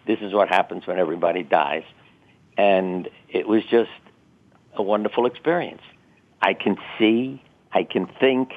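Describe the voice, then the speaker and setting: An older man being interviewed, telling personal stories in a reflective, chatty way with wry laughs at himself. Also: fairly low pitch. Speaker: guest. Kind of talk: interview storytelling. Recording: tinny phone-line sound.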